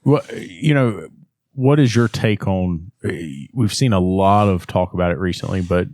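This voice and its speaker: Wry deep-voiced man, podcast co-host. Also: normal speed, a little mellow, no echo. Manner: wry, self-deprecating, asks questions. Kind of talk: casual podcast conversation.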